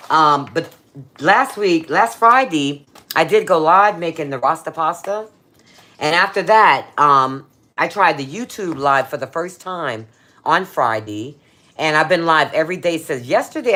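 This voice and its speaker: Woman, livestream cooking host, chatty and playful, very animated pitch, phone mic in a home kitchen. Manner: chatty and playful, talks straight to her viewers, Southern slang. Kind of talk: casual livestream chat while cooking.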